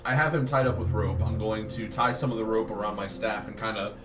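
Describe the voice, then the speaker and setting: A man's voice: on the low side, fairly even intonation, a little fast, echoey room, recorded from a distance, music in the background. A man playing a tabletop game, laid-back and thinking aloud as he plans his character's move. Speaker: player. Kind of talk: casual tabletop play.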